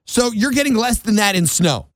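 New england guy ranting on his talk show, higher voice bouncing all over, dry close sound. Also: lively intonation, normal speed, no echo. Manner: exasperated ranting, mocking quoted voices. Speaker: radio show host. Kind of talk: opinionated monologue. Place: Florida.

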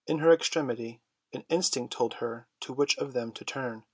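A man narrates a children's storybook in a measured, steady way. His voice is husky and mid-pitched, recorded close on a dry, dead mic. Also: dry recording. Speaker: audiobook reader.

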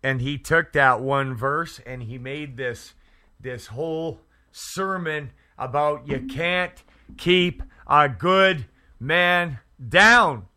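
A man hosting a Christian radio talk show, speaking fervently and haltingly, with many restarts and fillers. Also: medium pitch, sharp tone. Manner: fervent, prays aloud. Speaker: Christian internet radio host. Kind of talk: casual faith talk show. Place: Edmonton area.

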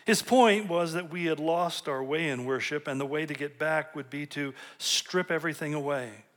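A man's voice: fairly high pitch, moderate pace, a bit bright. A male pastor giving a conversational sermon, telling stories with light humor and often restarting and repeating words as he builds a point.

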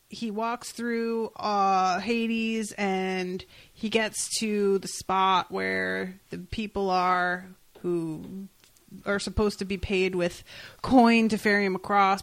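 Woman, casual podcast chat, playful storyteller, mid pitch. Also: level tone, takes it slowly, creaky, a bit bright. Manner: recaps the plot in a joking way, playing out the characters' lines. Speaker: podcast co-host.

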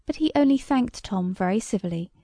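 A woman narrating a storybook in a measured, wry way as an audiobook reader. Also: mid-range voice, lively intonation, gravelly, dark tone, dry recording.

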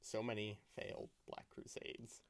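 A man's voice: on the low side, monotone, a little slow, gravelly. A man co-hosting a podcast in casual chat, dropping in short wry remarks.

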